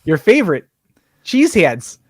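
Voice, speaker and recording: A man's voice: high-pitched, wildly swooping pitch, normal speed. Blunt crude-joking podcast co-host, a man. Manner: blunt, crude jokes, swears freely. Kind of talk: casual chat.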